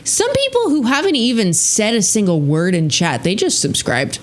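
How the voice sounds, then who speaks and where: A woman's voice: on the high side, moderate pace, a little hiss or hum. A woman hosting a live stream, chatting casually and teasing her viewers in a playful way. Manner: playful, teasing, lively thanks to chat.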